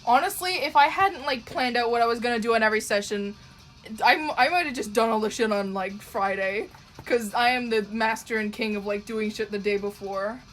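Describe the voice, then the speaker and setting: A young woman from Canada talks casually to her stream chat while drawing, her voice sitting a little high. She rambles, swears freely and laughs easily, with faint music playing underneath. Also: brisk, a bit bright. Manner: chatty, profane, laughs often, trails off with ums. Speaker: livestreamer drawing and reading chat.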